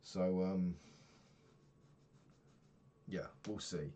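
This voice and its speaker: Young British man, deep low voice, rambling vlogger who swears and loses track. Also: steady tone, extremely slow, dark tone, slight background noise. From United Kingdom. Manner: rambling, swears often, loses his thread. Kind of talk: casual diary vlog.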